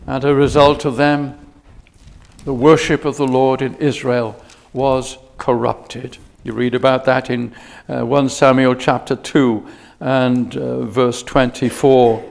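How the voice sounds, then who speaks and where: A man preaching a sermon in a chapel, measured and unhurried, often hesitating with fillers and restarts. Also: medium pitch, little pitch movement, vocal fry.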